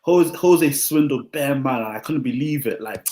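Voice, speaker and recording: A man in a casual chat, dropping quick, slangy interjections. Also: mid-range voice, dark tone. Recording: roomy echo.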